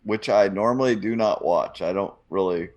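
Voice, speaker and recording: A man's voice: fairly low pitch, moderate pace, darkish tone. A man co-hosting a pop culture podcast, chatting casually with wry, dry humor. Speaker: podcast co-host. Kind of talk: casual chat.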